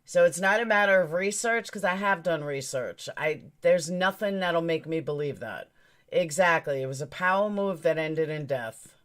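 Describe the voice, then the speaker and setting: A woman's voice: on the low side, lively intonation, moderate pace, fairly bright tone. A woman hosting a true crime live stream, talking straight to her chat in a blunt, emphatic, opinionated way.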